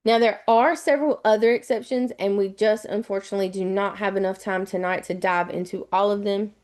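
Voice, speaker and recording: Southern US woman, test prep tutor, chatty, repeats each step, mid-pitched. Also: fairly even intonation, a little fast, hardly any pauses, a little mellow. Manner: chatty, repetitive step-by-step explaining. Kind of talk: live online webinar lesson.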